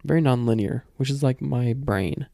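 A man's voice: mid-range voice, moderate pace, creaky, mellow, no room sound. A man hosting a podcast, joking and laid-back. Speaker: podcast host. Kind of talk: casual chat.

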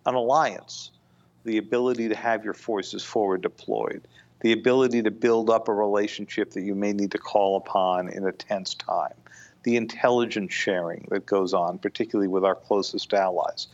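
A man speaking as a guest in a podcast discussion, measured and thoughtful, with frequent "you know" fillers. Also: fairly low pitch, fairly even intonation, lo-fi sound. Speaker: guest foreign-policy analyst.

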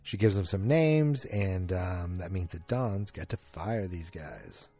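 A man casually recapping a TV episode, rambling and animated as he acts out the characters' lines. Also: low-pitched, takes it slowly, slightly rough, soft background music.

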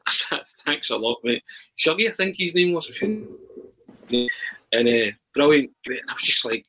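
A man, a podcast guest chatting casually and telling animated stories with many restarts. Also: mid-range voice, normal speed, rough recording. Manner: animated storyteller, frequent restarts. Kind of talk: casual chat.

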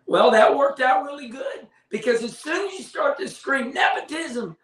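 A man's voice: very high voice, moderate pace, fairly bright tone. Folksy rambling man in an echoey room. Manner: folksy, rambling, with frequent fillers and acted-out quotes. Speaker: show host. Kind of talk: casual opinion monologue.

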